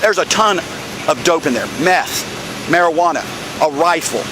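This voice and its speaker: A man's voice: fairly high pitch, animated, normal speed. A man working as a police sergeant, talking bluntly and with irritation to people at a street scene, recorded on a body camera. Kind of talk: bodycam field talk. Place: outdoors on a street by cars. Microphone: body-worn camera. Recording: noisy outdoor bodycam audio.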